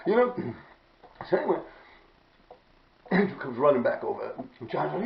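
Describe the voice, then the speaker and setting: New york man, middle-aged, gravelly, lively swings in pitch, roomy echo, dull lo-fi sound. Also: fairly quick, far from the mic. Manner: profane, animated, acts out others' lines, laughs often. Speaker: storyteller recounting his graffiti days. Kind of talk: casual storytelling.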